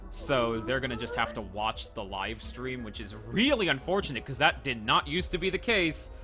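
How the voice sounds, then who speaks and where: A man chatting casually while streaming a game, excitable and animated, swearing and laughing often. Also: medium pitch, moderate pace, over music. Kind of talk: casual game livestream chat.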